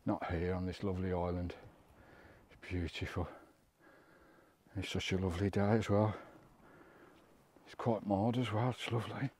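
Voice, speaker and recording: A man's voice: low-pitched, little pitch movement, normal speed, long pauses, darkish tone, breathy edge. A British man on a coastal walk, talking to the camera in a chatty vlog, often exclaiming at the views and a bit out of breath. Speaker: vlogger. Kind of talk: walking travel vlog commentary. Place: outdoors on a coast.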